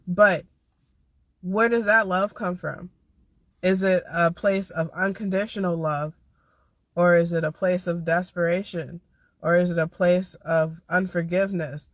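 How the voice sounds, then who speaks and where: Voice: medium pitch, bright, forceful tone, no room sound. A motivational vlogger delivering an impassioned, unscripted rant, heavy on profanity and repeating points for emphasis. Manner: heated, profane ranting with emphatic repetition.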